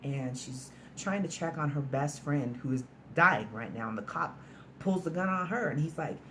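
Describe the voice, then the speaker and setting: A woman's voice: deep voice, lively intonation, moderate pace, fairly bright tone, slight background noise. A woman casually recapping a film's plot in a chatty, storytelling way, sprinkled with "like" and mild swearing. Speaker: movie reviewer.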